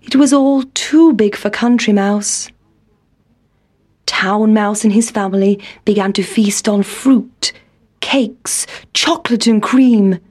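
A woman narrating a children's storybook in a calm, measured reading. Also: medium pitch.

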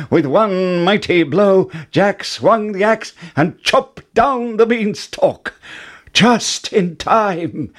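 A man reading a fairy tale aloud slowly and expressively, with voices for the characters. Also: on the high side. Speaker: storyteller.

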